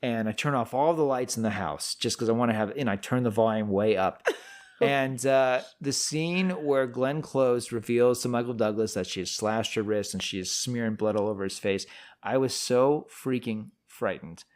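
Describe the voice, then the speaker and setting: A man in his forties co-hosting a film podcast, talking in a casual chat and telling stories with animated energy and frequent restarts. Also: medium pitch, normal speed. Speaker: podcast co-host.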